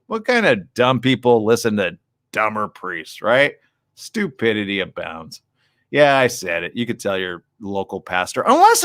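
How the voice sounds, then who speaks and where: A sleep-deprived man hosts a live morning stream, ranting in a blunt, sarcastic way. His voice is bright and forceful and swings widely in pitch. The sound is dry and close. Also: dry recording. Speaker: live morning show host. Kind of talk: casual live-stream commentary.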